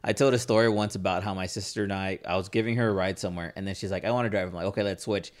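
Young man, podcast host, low voice, relaxed dry humor. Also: racing. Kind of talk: casual chat.

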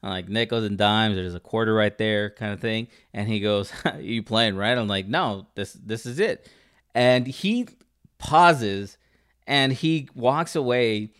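Guy from socal telling a rambly story, kinda low voice, lots of uh and um. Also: a bit bright, clean tone. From Southern California. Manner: rambling, halting, many fillers and restarts. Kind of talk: casual storytelling chat.

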